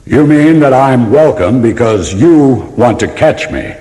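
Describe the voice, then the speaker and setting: Storybook dog hero, jumpy and earnest, played by a male reader, husky edge. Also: medium pitch, lively intonation, unhurried, mellow, voice pushed up. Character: young male farm dog, nervous but stubborn.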